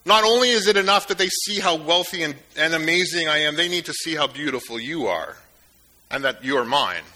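A man's voice: a little high, expressive, a little fast, bright, forceful tone, exaggerated voice. A man preaching who voices an arrogant, boastful ancient king in a swaggering, self-satisfied tone, retelling a Bible story. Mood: boasting.

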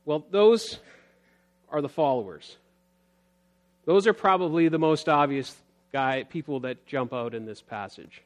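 Earnest man preaching a sermon. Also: measured pace. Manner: earnest, builds emphasis then drops low, reads scripture aloud. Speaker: pastor.

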